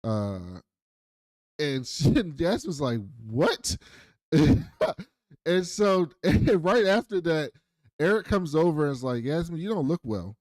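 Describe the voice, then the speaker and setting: Male podcast co-host, lively storyteller who acts out scenes, dry close-mic sound. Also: on the high side, slow pace, no echo. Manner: animated storytelling, acts out characters' lines. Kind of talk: casual TV recap chat.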